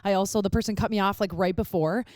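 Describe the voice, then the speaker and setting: Animated young woman telling a story. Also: mid-range voice, fast, no echo, clean studio sound. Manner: animated storytelling, swearing, acting out her own reactions. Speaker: podcast co-host. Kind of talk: casual podcast chat.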